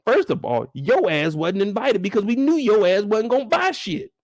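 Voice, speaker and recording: Animated man ranting about a TV episode. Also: sits high, brisk, hardly any pauses, dry recording. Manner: mocking, does voices of characters, profane. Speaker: show recap host. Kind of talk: animated TV recap commentary.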